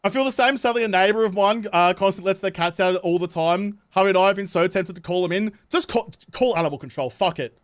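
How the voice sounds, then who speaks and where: A man's voice: high-pitched, fast, hardly any pauses. A man with a New Zealand accent, streaming a game and chatting casually, swearing often and ranting passionately. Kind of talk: casual livestream chat while gaming.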